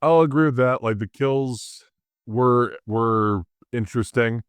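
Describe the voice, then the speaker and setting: Man, mid-pitch, excitable podcast co-host, dry close mic. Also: a little slow, clean tone, dry recording. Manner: excitable, jumps high when mimicking reactions. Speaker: podcast co-host reviewing a film. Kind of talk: casual chat.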